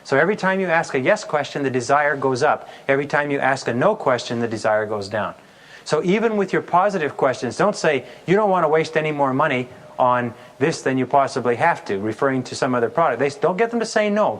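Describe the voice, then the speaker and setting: A man's voice: medium pitch, fairly bright tone. A man giving a sales seminar, telling stories and acting out the customer's answers with amusement. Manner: storytelling, acts out customer voices. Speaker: sales trainer. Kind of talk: recorded sales seminar talk.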